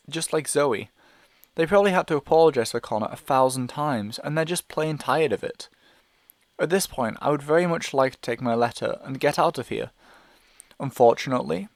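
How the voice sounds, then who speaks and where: A man's voice: fairly high pitch, dry recording. A man reading a novel aloud in first person, with an anxious, hesitant inner monologue. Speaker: audiobook reader.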